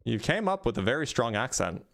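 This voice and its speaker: A man hosting an online debate, calmly asking short probing questions and repeating them. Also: medium pitch, brisk, vocal fry. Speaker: debate streamer host.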